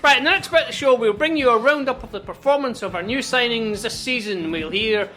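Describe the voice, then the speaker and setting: A man's voice: very high voice, fairly quick, bright, forceful tone, faint music behind. A man co-hosting a fan radio show, reading links and making sardonic, scornful put-downs. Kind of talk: scripted show links and banter.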